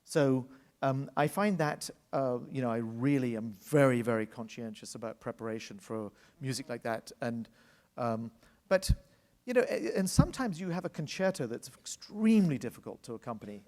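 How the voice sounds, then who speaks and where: A man of middle pitch recounts backstage stories to an audience, often breaking into laughter. His voice carries the long reverb of a salon hall. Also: normal speed. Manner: animated anecdotal storytelling, laughs often. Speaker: orchestra conductor, interview guest. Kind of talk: live onstage interview. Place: public library salon before an audience.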